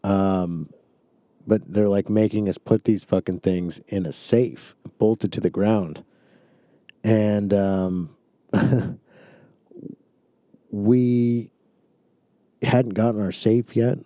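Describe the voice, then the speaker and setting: A former retail manager chatting casually and swearing now and then. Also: male voice, lowish voice, warm tone, no room sound, studio quality. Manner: laid-back, swears casually. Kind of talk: casual chat.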